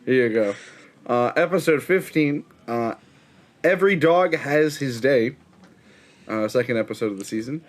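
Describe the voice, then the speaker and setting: A man hosting a casual podcast, reading episode summaries and reacting with quick jokes. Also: mid-range voice. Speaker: podcast host.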